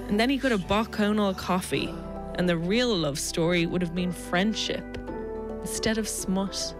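A woman's voice: medium pitch, lively intonation, moderate pace, soft background music. A woman with a South Dublin Irish accent delivering a scripted, sardonic comic rant as a radio columnist. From South Dublin, Ireland.

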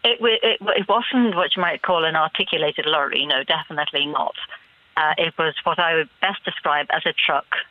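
A woman's voice: sits low, normal speed, no room sound. A woman in her seventies calling into a radio phone-in. She talks hesitantly, searches for words and laughs often. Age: 70s. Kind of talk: phone-in conversation. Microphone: telephone. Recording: muffled phone line.

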